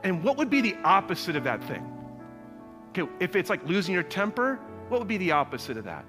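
Pastor preaching live in a big church hall: a man with a lively, bouncing delivery who acts out the people he quotes. Long reverb, soft music underneath. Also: sits high, a little fast. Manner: animated storytelling with playful voices for quoted people. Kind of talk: sermon.

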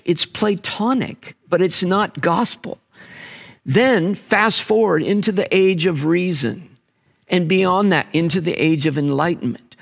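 Slow, animated male preacher with gravelly voice. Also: high-pitched. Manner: animated preaching, emphatic drawn-out words. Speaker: pastor. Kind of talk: sermon.

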